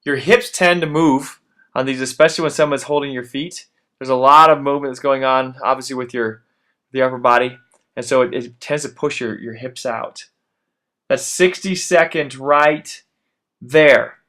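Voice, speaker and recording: A man in his thirties talks through a workout as a fitness instructor. His voice sits at an ordinary middle pitch. He pushes hard with urgent encouragement and often sounds winded after the exercises. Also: moderate pace, fairly bright tone. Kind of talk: workout coaching voice-over.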